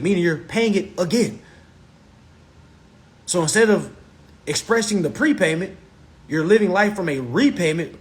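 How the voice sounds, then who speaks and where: Man, live teaching, casual and blunt, emphatic, repeats himself, high voice, very lively pitch. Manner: emphatic and repetitive, with rhetorical questions and profanity.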